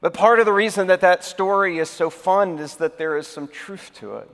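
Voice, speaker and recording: A man's voice: high voice, moderate pace, fairly bright tone, in a large hall. A man preaching a sermon as pastor, telling a joke story and then explaining in a conversational, emphatic way.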